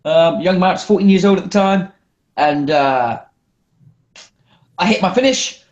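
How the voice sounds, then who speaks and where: A man's voice: high-pitched, a little slow, lo-fi sound. A man in casual podcast chat, telling stories animatedly, swearing freely. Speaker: wrestler guest.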